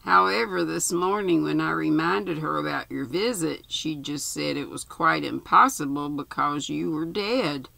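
An older woman reading aloud, voicing a brisk, cheerful middle-aged woman who runs a care home, in a comfortable tone. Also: deep voice, creaky, pushed and bright, no room sound, full character voice. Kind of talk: storybook reading.

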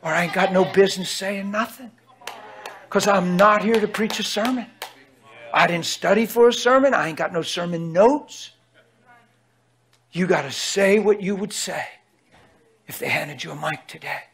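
A man preaching an unscripted sermon in an excitable, colloquial way, bursting with passion, on a clip-on microphone in a church hall. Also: high voice, normal speed, pauses often, breathy edge.

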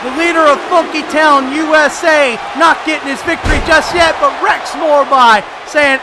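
Guy doing wrestling play by play, real high voice, yelling a lot, big crowd noise behind. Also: normal speed, hardly any pauses. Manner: excitable, often shouting over the action. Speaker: wrestling commentator. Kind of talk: play-by-play commentary.

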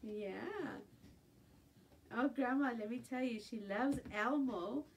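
A woman's voice: fairly high pitch, slow. A middle-aged woman selling jewelry on a live stream from home, chatting casually and sometimes cooing in baby talk. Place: home at night. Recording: distant phone mic with faint room noise.

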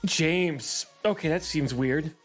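A woman playing an online social deduction game with friends, reacting quickly and thinking out loud. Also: deep voice, soft background music. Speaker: player in an online party game. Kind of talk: casual game chat.

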